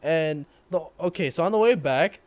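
A young man casually telling a story to friends, animated and laughing as he acts out what people said. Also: a little high, normal speed.

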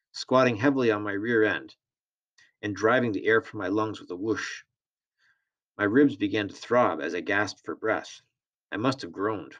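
A man reading a novel aloud in a steady, plain storytelling manner. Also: fairly low pitch. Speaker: reader.

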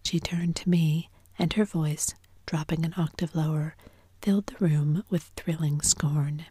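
Woman narrator, whispered role-play, soft even storytelling, dry close whisper. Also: deep voice, measured pace, breathy edge, no echo.

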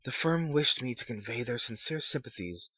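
A man's voice: medium pitch, expressive, moderate pace, sharp tone, husky, no echo, voice pushed up, heavily acted. A man voicing an uneasy male messenger who speaks formally and stiffly, on a dull lo-fi recording.

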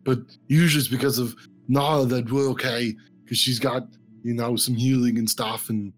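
A man's voice: mid-range voice, steady tone, normal speed. A man playing a tabletop game, talking casually and swearing now and then. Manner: casual, laid-back, swears. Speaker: player. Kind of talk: tabletop game role-play. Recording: faint background music.

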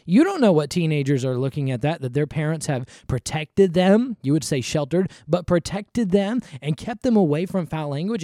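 A man's voice: on the high side, animated, moderate pace, few pauses, darkish tone, no echo, clean studio sound. A man hosting a Christian podcast, talking emphatically and with exasperation, repeating himself for emphasis. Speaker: podcast host. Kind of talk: conversational Christian podcast commentary.

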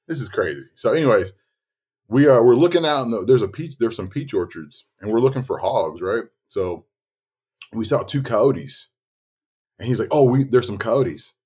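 A man co-hosting a podcast, telling a story in casual chat, lively and swearing as he acts out quotes. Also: mid-range voice, normal speed, slightly rough. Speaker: podcast co-host.

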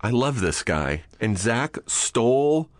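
A man's voice: mid-range voice, sing-song, slow, no room sound. A man hosting a podcast in a small studio room, chatting casually and telling stories, swearing freely and acting out the voices of people he quotes. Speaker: podcast host. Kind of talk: casual chat.

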